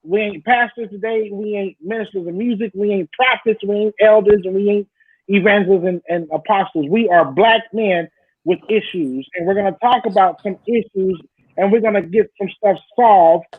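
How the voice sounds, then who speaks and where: A man's voice: high-pitched, moderate pace, breathy edge, dry recording, phone-quality sound. A man hosting a casual online panel over a video call, telling stories with emotion and laughter. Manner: emotional, laughing, animated storytelling. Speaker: host.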